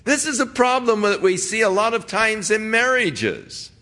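A man's voice: high voice, very animated, a little slow, sharp tone. A middle-aged man preaching a sermon in a conversational way, reading scripture and acting out the voices of the people he quotes. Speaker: pastor.

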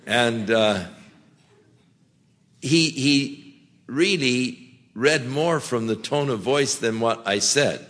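Slow-speaking man preaching a sermon. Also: mid-range voice. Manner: slow, gentle, many small restarts. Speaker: pastor.

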